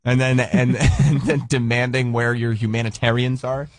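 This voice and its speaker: A man's voice: mid-range voice, flat delivery, normal speed, dry recording. A man co-hosting a radio show, chatting casually and laughing often. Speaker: radio co-host. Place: radio studio. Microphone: studio microphone.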